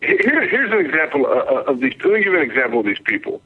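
A man's voice: mid-range voice, sing-song, fast talker, husky. A Southern man from Texas calling into a radio show, telling stories in casual, profane chat. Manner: profane, storytelling with mocking quotes. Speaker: caller. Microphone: phone line. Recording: lo-fi phone-in audio.

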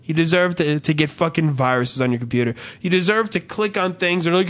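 A young adult man co-hosting a podcast, telling stories in a profane, animated, ranting way. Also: fairly high pitch, fairly quick, few pauses. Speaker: podcast co-host. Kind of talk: casual comedic chat.

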